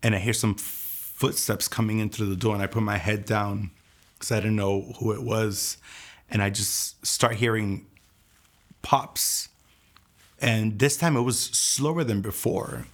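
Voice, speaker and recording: A young man telling his personal testimony in a hushed, intense way, his voice often dropping almost to a whisper. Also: on the low side, steady tone, measured pace. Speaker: testimony speaker.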